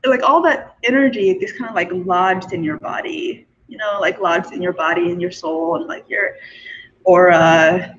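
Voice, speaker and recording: On a forum, a young woman shares her spiritual beliefs in a casual monologue, chatty and giggly with lots of fillers. Her voice is lowish and a bit bright at a normal speed, and the recording sounds dull and lo-fi.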